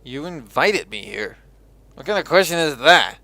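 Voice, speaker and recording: A man's voice: fairly high pitch, very animated, normal speed, vocal fry, sharp tone, no echo. A man giving casual, sarcastic commentary over a video game he plays. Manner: sarcastic, joking. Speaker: let's play host.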